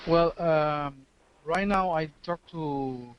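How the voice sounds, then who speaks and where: Halting man with a slightly higher voice. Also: smooth. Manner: halting, careful, non-native phrasing. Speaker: coaching student. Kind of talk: online coaching call. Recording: dull lo-fi call audio.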